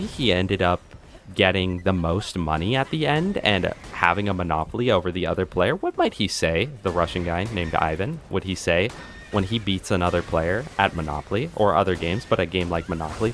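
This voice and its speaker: Playful low-voiced male game streamer. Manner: joking, rambling setups for pun jokes to chat; animated, jumps into high excited outbursts. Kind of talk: live gameplay commentary.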